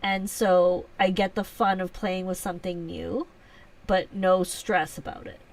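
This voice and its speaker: A woman's voice: lowish voice, fairly even intonation, a little slow, recorded from a distance. A woman hosting a live stream, chatting casually with viewers and teasing herself, with frequent laughs. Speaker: livestream host.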